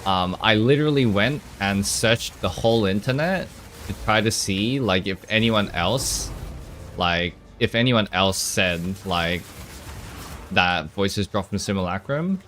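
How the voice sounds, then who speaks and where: Low-ish guy streaming, chatty and laughing, answering chat, faint background hum. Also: animated, a little slow, fairly bright tone. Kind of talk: casual live-stream chat.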